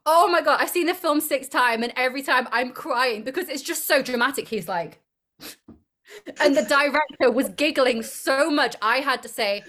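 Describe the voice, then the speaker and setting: A woman's voice: sits high, moderate pace, fairly bright tone. A young woman, an actress being interviewed, chatting casually, rambling and giggling often. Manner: giggly, rambling, self-deprecating.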